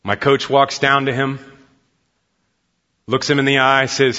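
A man's voice: mid-range voice, little pitch movement, unhurried, pauses often, bright, forceful tone. A male pastor preaching a Sunday sermon in a church, telling a story and acting out its dialogue. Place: church sanctuary. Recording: dull lo-fi sound with long hall reverb.

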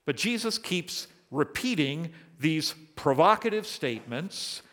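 A man's voice: on the high side, expressive, a little slow, fairly bright tone, big-room sound. A man preaching a sermon, asking his congregation probing questions. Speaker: pastor.

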